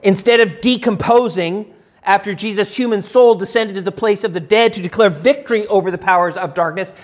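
A man's voice: sits high, fairly quick. A man preaching a conversational sermon to his congregation, with emphatic rises and frequent restarts. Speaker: pastor.

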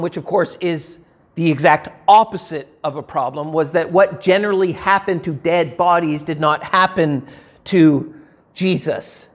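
A man preaching a conversational sermon to his congregation, with emphatic rises and frequent restarts. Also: sits high. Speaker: pastor.

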